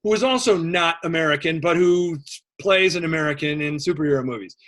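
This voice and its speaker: A male history teacher lectures his class in a loose, conversational style, his voice a little high for a man, fairly quick and fairly bright. He drifts into joking asides full of fillers before returning to the lesson.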